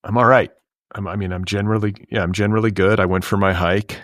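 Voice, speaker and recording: A man hosting a pop culture podcast, chatting casually and reading ads in a dry, deadpan way. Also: on the low side, quick pace, no echo. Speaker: podcast host.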